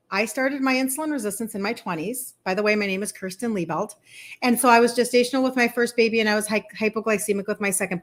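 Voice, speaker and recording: A woman in her fifties with a Minnesota accent hosts a casual live stream. Her voice sits a little high. She talks in a chatty, excited, rambling way. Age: 50s. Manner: chatty and enthusiastic, greets viewers, rambling asides. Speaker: health coach livestream host.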